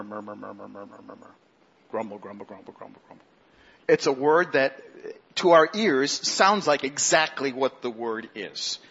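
A man preaching a sermon as pastor, animated, mimicking grumbling people in a mocking high voice. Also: slightly rough, muffled recording.

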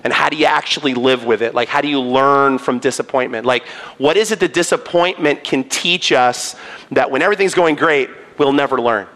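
A man's voice: mid-range voice, brisk, a bit bright. A male pastor preaching a sermon in a church, earnest and pleading as he speaks directly to his listeners.

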